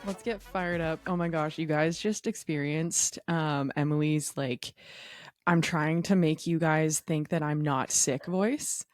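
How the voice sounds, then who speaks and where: A woman's voice: low-pitched, steady tone, unhurried, no room sound, clean studio sound, soft background music. A woman co-hosting a podcast, chatty and playful, explaining hormones in casual talk. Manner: chatty, playful, heavy "like" fillers. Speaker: podcast co-host.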